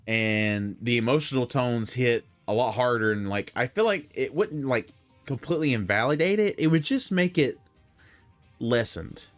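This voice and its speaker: A young man rambling through casual opinions on video games, full of fillers and self-corrections. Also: mid-range voice. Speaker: gaming commentator.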